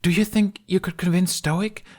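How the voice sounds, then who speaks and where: Excitable storybook boy, voiced by a male narrator, high and urgent. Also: normal speed. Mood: excited. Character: eager young boy, earnest and excitable. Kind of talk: audiobook reading of fan fiction.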